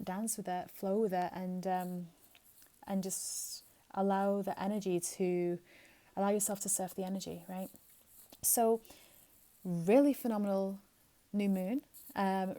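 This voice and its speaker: A woman talks through a spiritual card reading in an easy, flowing way, often checking in with "right?". Her voice is mellow and soft-edged, and her pitch stays quite even throughout. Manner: flowing, soothing, frequent "um" and "right?".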